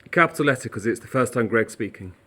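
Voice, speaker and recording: A man's voice: medium pitch, expressive, fast talker, fairly bright tone. Slightly breathless male teacher. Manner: encouraging, chatty, walking while talking. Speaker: primary school teacher. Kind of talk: recorded remote lesson instructions. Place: indoors in a school, walking between rooms.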